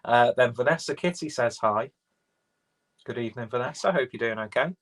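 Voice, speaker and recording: A man's voice: medium pitch, lively intonation, brisk, fairly bright tone, rough recording. A man with an English accent, hosting a casual livestream and reading viewers' comments aloud, rambling and swearing freely. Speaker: livestream host reading chat.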